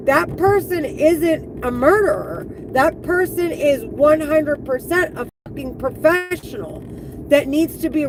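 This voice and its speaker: A woman live streaming an angry, profane monologue, heated and full of halting restarts. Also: sits high, noisy background.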